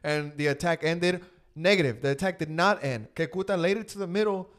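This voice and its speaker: A man hosting a casual soccer podcast, animated and leading the talk with casual swearing. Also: on the high side, fairly quick. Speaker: podcast host. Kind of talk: casual sports chat.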